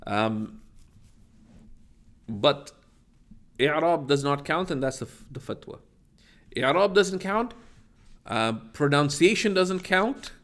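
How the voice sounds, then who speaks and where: A man's voice: on the high side, fairly bright tone. A man teaching a class from a legal text. He reads Arabic passages aloud, explains them with many fillers and restarts, and keeps checking in with "right?".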